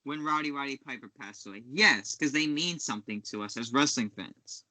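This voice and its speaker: A man's voice: medium pitch, fairly quick, crowd noise, poor audio. A man on a casual podcast chat, speaking emphatically. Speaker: podcast co-host.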